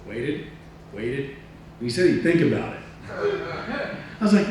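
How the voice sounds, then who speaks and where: A man giving a talk, telling a story from his career in a lively way, acting out other people's lines and laughing at himself. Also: mid-range voice, unhurried. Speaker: motivational speaker. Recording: echoey room, distant mic, faint noise.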